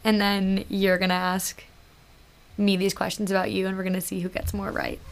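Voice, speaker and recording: A woman's voice: medium pitch, monotone, normal speed. Breezy young woman hosting a podcast. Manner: breezy, joking. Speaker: podcast host. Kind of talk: casual podcast conversation.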